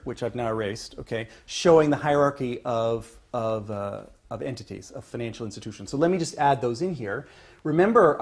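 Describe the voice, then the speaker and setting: Male professor, classroom lecture, husky mid-pitch voice, frequent "okay?" check-ins. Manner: repeats "okay?" as a check-in, restarts phrases often; emphatic, builds to louder points then trails off. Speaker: economics professor. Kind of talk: university lecture.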